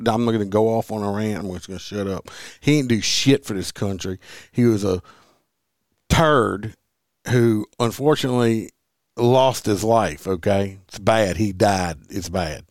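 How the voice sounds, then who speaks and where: A man's voice: on the low side, measured pace, dry recording, studio quality. A man hosting a podcast, reading news aloud and ranting bluntly, with lots of profanity. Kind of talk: casual political talk.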